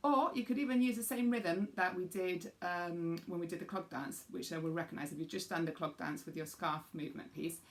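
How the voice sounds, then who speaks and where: A woman's voice: on the low side, a little fast, few pauses, background noise. A woman music teacher patiently explaining a rhythm game for young children and demonstrating the beats aloud.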